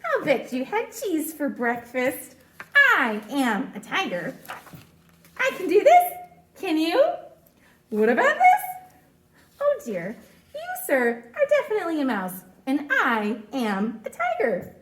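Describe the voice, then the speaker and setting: A tiny, bragging storybook mouse, voiced by a woman. The voice is very high and swoops wildly up and down, and the delivery is slow and bold. The sound is echoey, as if from a bare room. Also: huge pitch swings, fairly bright tone, slight background noise, exaggerated voice. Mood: boastful. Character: small boastful mouse insisting he is a tiger. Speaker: storytime reader.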